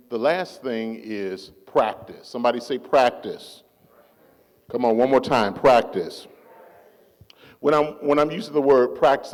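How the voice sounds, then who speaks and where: Low-voiced preacher in a reverberant church. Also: male voice, darkish tone. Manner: call-and-response preaching, drawn-out emphatic phrases. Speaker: pastor. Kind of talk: sermon. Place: church sanctuary.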